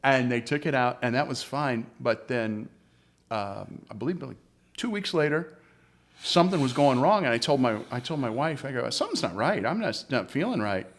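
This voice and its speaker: A man, a comedian, telling a personal story in an interview with animated, joking delivery. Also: medium pitch, normal speed. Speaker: comedian guest.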